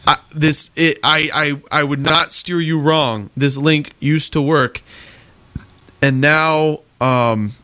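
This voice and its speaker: A man's voice: fairly high pitch, takes it slowly, pushed and bright, no room sound. A young man hosting a casual online comedy show, rambling and stammering, laughing often. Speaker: host.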